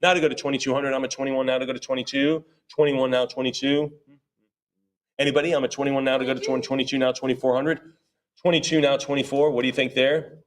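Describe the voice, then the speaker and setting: A man's voice: medium pitch, flat delivery. A man working as an auctioneer at a live sale, chanting bids over and over and dropping playful asides between the numbers. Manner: rapid repetitive bid chant with joking asides. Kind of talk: live auction bid calling.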